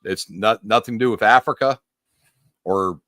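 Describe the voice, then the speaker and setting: A man's voice: on the low side, moderate pace, a bit bright, dry recording, clean studio sound. A man on a podcast, explaining puzzle clues in emphatic, rambling casual chat with the odd mild curse. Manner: emphatic, rambling, mildly profane. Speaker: podcast co-host.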